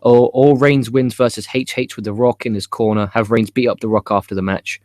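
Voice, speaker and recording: A man talks fast and unscripted, full of swearing and half-finished thoughts, in a dry, close-sounding room with a mid-range voice. He restarts sentences and keeps jumping to new ideas. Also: medium pitch, fairly even intonation, darkish tone, dry recording. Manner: swearing, rambling fast opinionated talk. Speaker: wrestling show host. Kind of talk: casual live-stream commentary.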